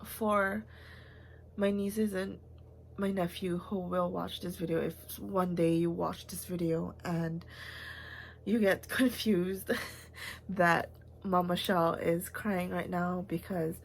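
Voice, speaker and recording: Gravelly, slow-talking young woman. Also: on the low side, little pitch movement. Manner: rambling and heartfelt, many fillers and restarts; emotional, at times close to tears. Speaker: vlogger. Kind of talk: personal confessional vlog.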